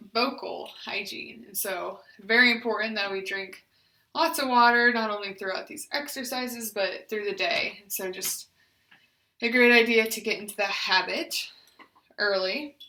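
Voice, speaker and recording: A young woman, a speech therapist, leading voice exercises with slow, clear, encouraging instructions and frequent fillers. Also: a little high, pushed and bright, slight background noise. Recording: echoey room.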